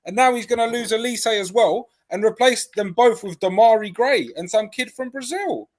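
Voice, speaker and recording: A man's voice: high-pitched, moderate pace. A man from Canada on a live fan stream, ranting bluntly and scornfully. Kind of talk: live fan reaction chat.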